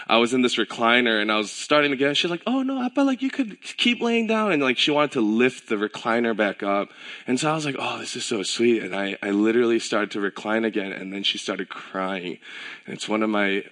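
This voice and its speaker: Bright-voiced man preaching casually. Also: fairly low pitch, a little fast. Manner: relaxed storytelling with filler words and self-corrections; animated, acts out quoted voices. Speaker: pastor. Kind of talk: casual conversational sermon.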